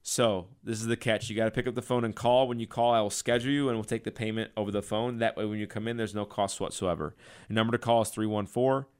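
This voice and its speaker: Passionate male radio host, smooth voice. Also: fairly even intonation, fast, few pauses. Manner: enthusiastic, passionate sales pitch. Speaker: radio show host and chiropractor. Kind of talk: radio talk with patient story and clinic ad.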